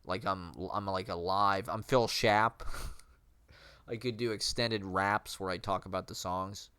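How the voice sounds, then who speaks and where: A man's voice: sits low, fairly even intonation, measured pace, pushed and bright, clear, resonant tone. A man vlogging in a rambling, self-questioning way, with a nasal voice, many fillers and frequent laughs. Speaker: vlogger and aspiring street poet. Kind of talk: rambling casual monologue.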